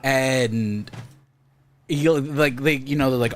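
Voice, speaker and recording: A man's voice: medium pitch, slow pace. Rambling male podcast host. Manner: rambling, laughing while retelling stories. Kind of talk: casual podcast chat.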